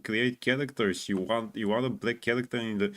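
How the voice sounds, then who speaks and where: A man's voice: fairly low pitch, fairly even intonation, a little fast. A man co-hosting a casual talk show, agreeing often and restarting his sentences. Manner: agreeable, hesitant restarts, frequent "yeah". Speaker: podcast co-host. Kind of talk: casual chat.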